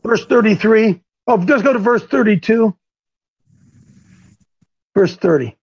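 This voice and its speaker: A man leading a group Bible discussion, animated, who slips into strained cries when he acts out characters. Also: sits high, a little slow, breathy edge, lo-fi sound. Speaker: Bible study leader, called coach.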